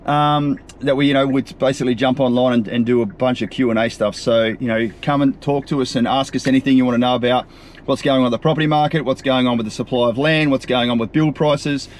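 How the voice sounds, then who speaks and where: Road noise and traffic hum faintly as this Australian show host and property coach vlogs from his vehicle. He speaks quickly in a steady, medium-pitched tone, upbeat and conversational, peppered with frequent ums and uhs.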